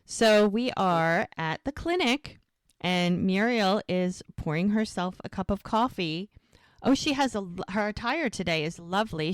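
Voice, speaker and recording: A woman's voice: medium pitch, smooth, no room sound, clean studio sound. A woman co-hosting a podcast, casually retelling TV scenes and acting out the characters' lines. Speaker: podcast co-host recapping a TV show.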